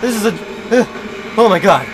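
A man doing live gaming commentary, full of loud exclamations that swing between dismay and giddy laughter. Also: high-pitched, sing-song, moderate pace, noisy background. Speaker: let's play host.

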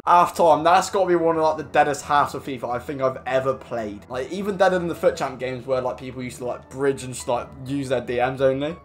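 A young man with a chatty, excitable manner, commentating his own football video game matches and calling his viewers mate and lads. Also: mid-range voice, brisk, few pauses. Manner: excitable, swears, shouts at the game. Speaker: gaming YouTuber. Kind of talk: gameplay commentary. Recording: faint music behind.

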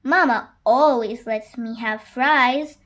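A woman's voice: a little high, slow, a bit bright, lo-fi sound. A woman reading a children's story and voicing a stubborn little boy donkey who pleads and wheedles. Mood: wheedling.

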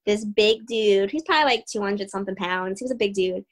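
A young adult woman, an MMA fighter, telling stories in an interview in a lively way, quick, full of "like" and laughter. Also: medium pitch. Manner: animated, fast, full of "like" and laughter. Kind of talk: casual storytelling interview.

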